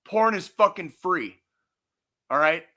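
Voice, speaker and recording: Guy ranting on a podcast, swears a ton, bright forceful voice, kinda high. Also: expressive, takes it slowly. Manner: angry, profane, emphatic. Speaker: podcast co-host. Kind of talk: heated podcast rant.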